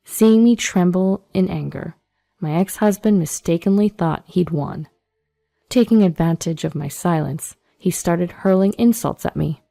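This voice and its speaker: A woman reading a first-person story as a scripted narration, steady and measured. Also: lowish voice, creaky.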